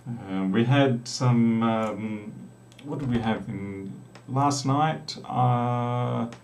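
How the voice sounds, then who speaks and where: A man's voice: mid-range voice, extremely slow, a little mellow, slight background noise. A middle-aged man with an Australian accent, chatting casually while live coding, rambling with joking asides. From South Australia. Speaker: programmer live-streaming. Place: small room with a door. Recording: distant mic in echoey room.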